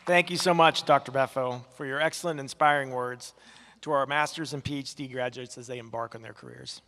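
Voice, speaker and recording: Guy announcing a graduation ceremony, formal, a bit high, reverb from a big hall. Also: a bit bright. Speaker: ceremony presenter. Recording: long reverb in a large hall.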